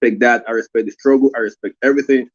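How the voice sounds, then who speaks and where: Man, fast husky voice, pressing his point in a debate, lo-fi audio. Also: medium pitch, fairly even intonation. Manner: insistent, quick, repeating his demands. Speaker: guest caller. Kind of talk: heated debate.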